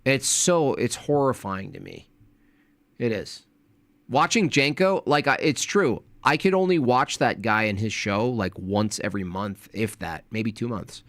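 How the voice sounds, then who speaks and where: An irritated man rants through a livestream, mocking his targets in mimicking voices. His voice sits at a middling pitch, recorded close and dry with no room sound. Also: animated, unhurried, fairly bright tone, no room sound. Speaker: commentator. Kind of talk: heated livestream commentary.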